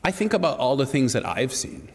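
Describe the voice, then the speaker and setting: A man's voice: medium pitch, very animated, fairly quick, big-room sound. A man preaching a sermon to a congregation, earnest and asking them direct questions. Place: church hall.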